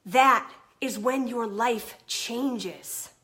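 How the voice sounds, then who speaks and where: A woman coach giving an energetic, emphatic motivational talk on a livestream. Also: on the high side, extremely slow. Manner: energetic, emphatic, swears then apologizes. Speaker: confidence coach.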